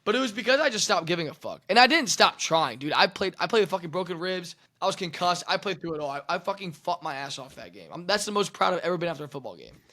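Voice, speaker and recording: A man's voice: high-pitched, animated, quick pace, few pauses, pushed and bright. A young man, a former quarterback, talking in casual sports chat, emphatic and profane, often repeating words as he builds up. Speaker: podcast co-host, former quarterback.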